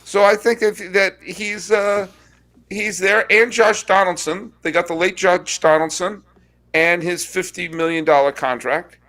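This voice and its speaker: A man hosting a sports podcast, chatting casually and telling wry stories with quick asides. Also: sits high, fairly even intonation, pushed and bright. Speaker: podcast host.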